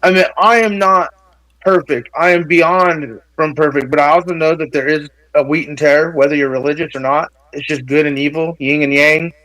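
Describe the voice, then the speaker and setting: A man rambling excitedly on a livestream panel, with lots of stammered restarts. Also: a little high, moderate pace, no room sound, poor audio. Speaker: panel guest.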